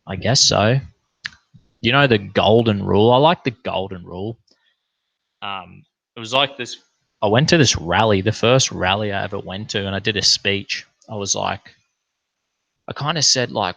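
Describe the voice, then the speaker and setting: A young Australian man rambles through a profane, blunt monologue for his online viewers. His voice sits low and carries a gravelly rasp. The recording is dry, with no room sound. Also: normal speed, long pauses, a bit bright, no room sound, poor audio. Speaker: online streamer.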